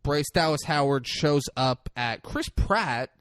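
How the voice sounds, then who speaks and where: A man's voice: fairly high pitch, lively intonation, takes it slowly, fairly bright tone, no room sound, clean studio sound. A man casually recapping a movie on a podcast, crude and mocking, acting out the characters' lines. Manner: crude, mocking retelling with quoted voices. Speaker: podcast co-host.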